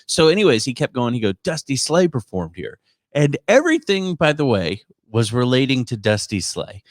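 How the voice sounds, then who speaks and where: A man's voice: mid-range voice, fairly quick, dry recording, studio quality. A man hosting a podcast, telling a funny story in casual chat and slipping into other people's voices. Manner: animated, quotes others in put-on voices. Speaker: podcast host and comedian.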